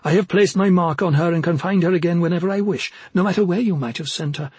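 A man's voice: high-pitched, quick pace, a little mellow, slightly rough, dry recording, pitched above the performer's own voice. Man doing a cruel ancient witch. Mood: scornful. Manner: sneering, commanding. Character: cruel ancient witch, woman, menacing and scornful.

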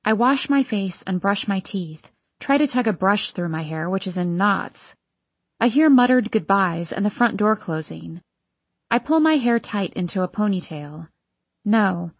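A woman's voice: medium pitch, expressive, a little slow, no room sound. A woman reading first-person audiobook narration in a wry, inward way.

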